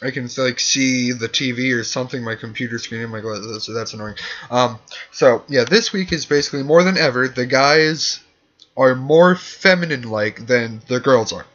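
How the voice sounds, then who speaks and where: A man's voice: mid-range voice, moderate pace, fairly bright tone. A young man talking casually and rambling, with lots of fillers and sarcastic asides, recorded on dull lo-fi gear. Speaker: vlogger recapping a TV episode.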